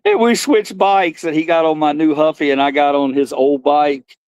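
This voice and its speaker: A man's voice: fairly high pitch, normal speed, a little mellow, clear, resonant tone, no room sound. A middle-aged man, chatting casually on a live stream and rambling through old stories while laughing at himself. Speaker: livestream host.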